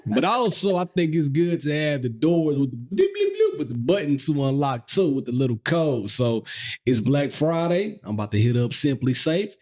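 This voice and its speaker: A man's voice: fairly high pitch, normal speed. A man co-hosting a podcast, chatting casually and teasing. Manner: playful teasing, animated. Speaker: podcast co-host. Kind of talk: casual chat.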